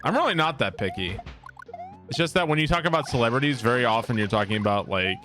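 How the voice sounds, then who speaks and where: A young man streaming a game, rambling and swearing, often laughing and breaking into loud outbursts at the game. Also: medium pitch, big pitch swings, quick pace, over music. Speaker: gaming streamer. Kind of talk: casual gameplay commentary with chat.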